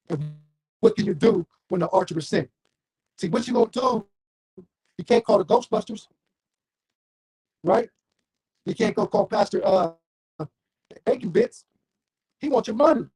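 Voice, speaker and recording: Male street preacher, gravelly and husky, lively swooping high delivery, fiery and confrontational. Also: dry recording. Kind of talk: street sermon with scripture reading.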